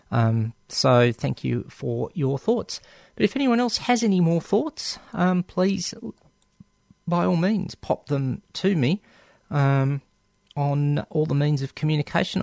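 A man's voice: mid-range voice, creaky, a little mellow, dry recording. A man with an Australian accent hosting a community radio show in casual talk, hesitant and full of ums and restarts.

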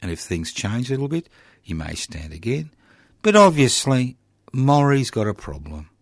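A man's voice: mid-range voice, big pitch swings, moderate pace, no echo, clean studio sound. A man with an Australian accent hosting community radio, giving sarcastic, opinionated political commentary with mocking, emphatic bursts.

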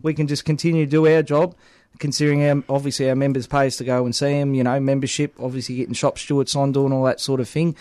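A man's voice: medium pitch, level tone, fast, few pauses, a little mellow, dry recording. An Australian man working as a union organiser, talking casually and leaning on fillers like "obviously" and "at the end of the day". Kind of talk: casual podcast chat.

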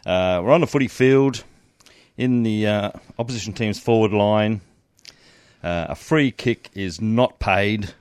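A man's voice: lowish voice, unhurried, clear, resonant tone, dry recording, clean studio sound. A man co-hosting a casual sports chat, posing a quiz with frequent ums and uhs. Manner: quizzing, hesitant with many ums. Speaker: co-host.

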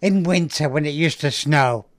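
A man's voice: fairly high pitch, moderate pace, dry recording, studio quality. An older man from England, a guest in an interview, rambling through memories and repeating his words. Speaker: guest, self-advocate. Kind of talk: casual interview, reminiscing.

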